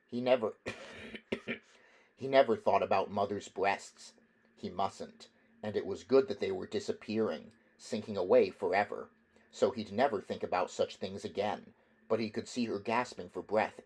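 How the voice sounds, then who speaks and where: Low-voiced man reading an audiobook. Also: darkish tone. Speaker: audiobook reader. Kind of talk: audiobook narration.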